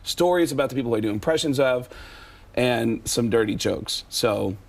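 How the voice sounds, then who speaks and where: A man's voice: mid-range voice, lively intonation, moderate pace, gravelly. Man, comedian guest, chatty, storytelling, casual TV chat. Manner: chatty storyteller who slips into impressions.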